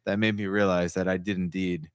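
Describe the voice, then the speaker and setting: A man co-hosting a casual live-streamed podcast, chatting in a lively way and acting out other people in his stories. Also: sits low, a little fast, clear, resonant tone, no echo, studio quality. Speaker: podcast co-host.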